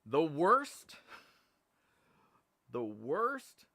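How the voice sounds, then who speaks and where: A man's voice: medium pitch, very animated, normal speed, pushed and bright, no room sound, studio quality. Profane, exasperated man ranting on stream. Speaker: live stream host. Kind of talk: casual ranting live stream.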